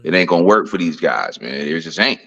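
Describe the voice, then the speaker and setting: A man with a somewhat low voice talks about boxing in a laid-back, reflective drawl, full of casual slang. The audio sounds dull and lo-fi. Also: big pitch swings, a little fast, vocal fry, bright, forceful tone. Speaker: heavyweight boxer, guest. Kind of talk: casual interview talk.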